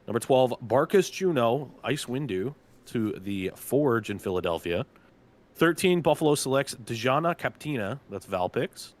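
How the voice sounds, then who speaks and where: A man's voice: medium pitch, animated, normal speed. Chatty man announcing draft picks. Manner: chatty, loose, lots of filler words. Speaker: team general manager announcing draft picks. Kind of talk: casual live draft commentary.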